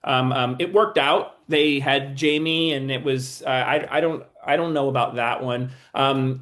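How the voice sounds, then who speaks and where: A TV writer and producer, with a fairly high-pitched voice, talks casually in an interview. He often stops and restarts as he thinks.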